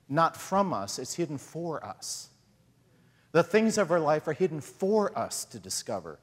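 A man preaches in a relaxed, conversational style and often slips into quick acted voices. His voice sits a little high and swings widely in pitch, with a husky edge. A long reverb trails behind his words. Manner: conversational, animated, acts out voices of God and Jesus. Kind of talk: sermon.

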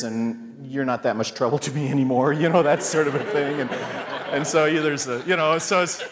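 A man's voice: on the high side, fairly bright tone. Guy preaching, rambling self-mocking story, bouncy up-and-down voice, big echoey church hall. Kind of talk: storytelling sermon. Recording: long hall reverb.

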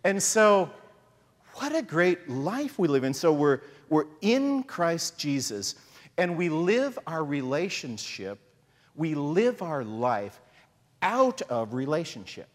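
A man preaching a sermon in a conversational, animated way, often acting out short voices as he tells a story. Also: fairly high pitch, slow pace, big-room sound. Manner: conversational, animated, acts out voices of God and Jesus.

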